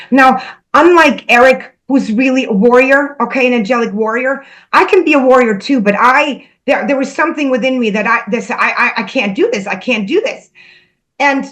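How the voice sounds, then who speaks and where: A woman earnestly recounting a spiritual experience, halting and repeating herself, emotional as she goes. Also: a little high, rough recording. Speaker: spiritual channel host. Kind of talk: personal spiritual storytelling.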